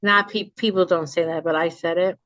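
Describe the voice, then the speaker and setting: Speaking fairly quickly in a fairly low voice, this New Jersey memoir author brings a North Jersey accent and a chatty, animated storytelling style to a casual interview over video call. The recording sounds dry and muffled.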